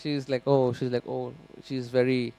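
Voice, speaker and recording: A man's voice: medium pitch, normal speed, clear, resonant tone. A man giving a scripture class in a temple hall, telling a story animatedly and speaking directly to his audience. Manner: animated, acts out the characters. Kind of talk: sermon storytelling.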